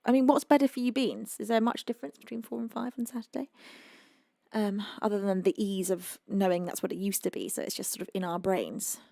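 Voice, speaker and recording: A woman's voice: mid-range voice, fairly even intonation, a little fast, vocal fry, dark tone, dry recording, clean studio sound. A British woman hosting a music livestream, chatting casually with viewers and reading their comments, rambling with ums and restarts and a little out of breath. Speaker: livestream host and singer.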